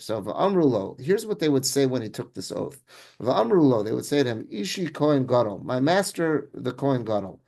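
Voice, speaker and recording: A man's voice: mid-range voice, darkish tone. A middle-aged man, a rabbi, teaching a Torah class from a source sheet, translating phrase by phrase with casual asides.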